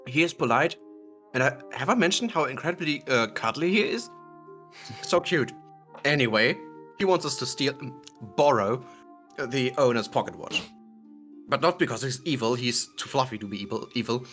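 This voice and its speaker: A man's voice: medium pitch, animated, fairly quick, fairly bright tone, faint music behind. A man recapping the last tabletop session in a giggly, rambling way, often correcting himself. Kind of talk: casual recap of a tabletop game.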